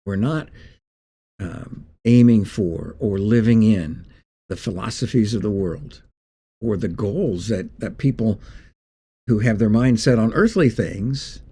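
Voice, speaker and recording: Male pastor, low husky mellow voice, folksy devotional delivery. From Northeast Indiana. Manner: folksy and conversational, with pauses and restarts. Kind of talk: short devotional talk.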